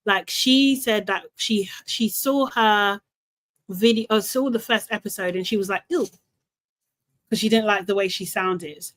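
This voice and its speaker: A woman's voice: mid-range voice, steady tone, moderate pace, a bit bright, poor audio. A woman hosting a casual chat, talking in a rambling way that often trails off mid-sentence. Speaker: podcast host.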